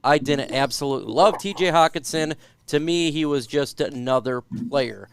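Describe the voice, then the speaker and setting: A man's voice: a little high, moderate pace, vocal fry, clear, resonant tone, no echo. A man hosting a casual sports talk stream, reading viewer questions aloud and then giving his own take. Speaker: podcast host reading live chat.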